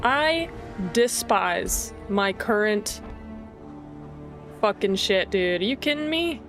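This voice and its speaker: A woman streaming a card game, chatting casually, excitable and swearing freely as she thinks aloud. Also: medium pitch, takes it slowly, faint music behind. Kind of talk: casual gameplay chat.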